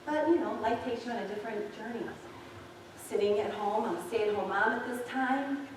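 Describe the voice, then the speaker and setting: At normal speed and on the high side, a woman pastor in her forties tells personal stories in a candid, chatty sermon to her congregation. It's recorded in a church sanctuary, very echoey and distant from the mic, carrying a little hiss or hum.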